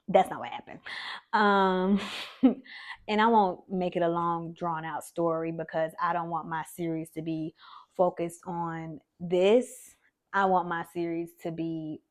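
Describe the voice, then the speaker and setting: A woman vlogger candidly telling her own story, reflective and conversational with plenty of fillers. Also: fairly low pitch.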